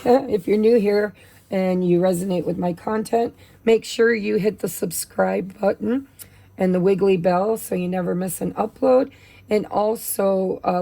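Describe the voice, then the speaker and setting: A woman with a gravelly voice, losing her voice from allergies, doing a chatty, casual tarot reading. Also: medium pitch, warm tone. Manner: chatty, with many fillers. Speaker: tarot reader.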